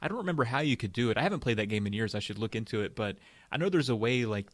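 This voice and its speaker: A man's voice: mid-range voice, expressive, rapid-fire, no echo. A man co-hosting a casual podcast, telling stories in an easygoing way and laughing often. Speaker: podcast co-host. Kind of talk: casual storytelling chat.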